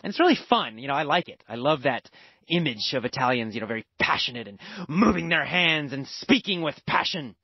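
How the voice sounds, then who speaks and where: Lively American man telling a lesson story. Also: a little high, fairly quick, creaky, slightly rough, no echo. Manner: emphatic, repeats words for emphasis. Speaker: language teacher. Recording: dull lo-fi dry recording.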